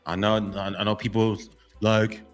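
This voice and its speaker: Emphatic low-voiced man lecturing men. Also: flat delivery, moderate pace, soft background music. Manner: emphatic, repetitive, keeps saying gentlemen. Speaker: motivational vlogger. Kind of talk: preachy monologue to men.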